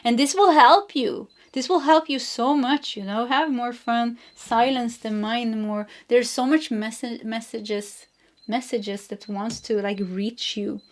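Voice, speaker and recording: A woman with a fairly high voice reads tarot cards to her viewers. She speaks gently and loosely, restarting phrases, laughing softly and hunting for the right word. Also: a little slow. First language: Swedish. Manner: gentle, rambling, searching for words, laughs often. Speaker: tarot reader. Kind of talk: intuitive tarot reading to camera.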